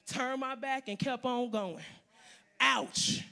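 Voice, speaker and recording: Forceful, bright-voiced woman preacher. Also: sits high, slow, gravelly. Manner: emphatic, repeating phrases, building to shouts. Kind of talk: sermon.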